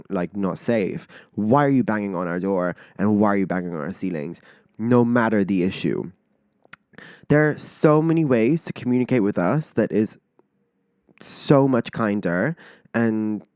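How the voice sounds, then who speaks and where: A man in his twenties hosting a podcast, telling a story in an animated, chatty way full of filler words. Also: medium pitch, dry recording, clean studio sound. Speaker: podcast host. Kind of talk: casual storytelling chat.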